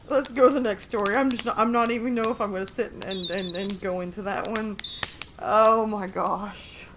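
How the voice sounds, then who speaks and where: A woman's voice: mid-range voice, normal speed, background noise. A woman hosting a casual livestream. She chats and giggles with her viewers as she reads short horror stories aloud. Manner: chatty, giggly, talks to chat. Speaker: livestream host.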